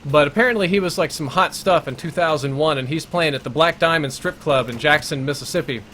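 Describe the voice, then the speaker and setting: A man's voice: on the high side, fairly quick, a bit bright, slight background noise. A man streaming live gameplay, telling a long crude story in a rambling, self-interrupting way. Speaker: gaming streamer.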